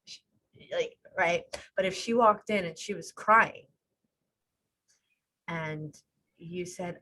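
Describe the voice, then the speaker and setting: A woman's voice: fairly low pitch, slow pace, pauses often, sharp tone, low-quality recording. A woman life coach, a podcast guest speaking over a video call, explaining her ideas with metaphors. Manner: explains with metaphors, acts out quoted voices.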